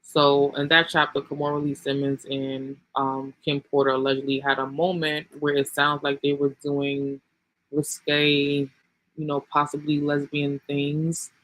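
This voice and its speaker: A man's voice: a little high, monotone, measured pace, fairly bright tone, low-quality recording. A man hosting a channel, casually reading a book aloud and adding his own commentary, often saying um and you know.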